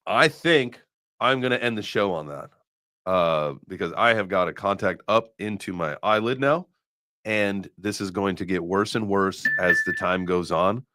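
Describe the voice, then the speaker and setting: A man's voice: low voice, moderate pace, sharp tone, no room sound. Joking, rambling male stream host. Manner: joking and rambling, swears casually. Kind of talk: casual live-stream chat.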